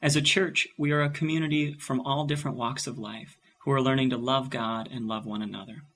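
A man reading the scripted welcome for a church podcast in a steady, welcoming way. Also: medium pitch, a little fast. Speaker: podcast announcer. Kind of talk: scripted intro.

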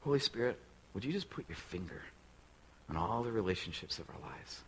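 A man's voice: fairly low pitch, lively intonation, fairly quick, slight background noise, poor audio. A male pastor preaching a sermon in a conversational way, often putting direct questions to the congregation.

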